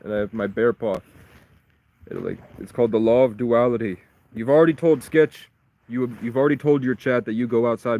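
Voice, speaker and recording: A man's voice: medium pitch, a little mellow. Rambling male livestreamer. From Vermont, USA. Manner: rambling, rapidly jumping between wild claims. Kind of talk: rambling live stream monologue.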